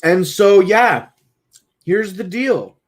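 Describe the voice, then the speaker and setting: A man's voice: high-pitched, expressive, takes it slowly. A man streaming, talking casually in a blunt, profane, rambling way. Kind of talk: casual talk.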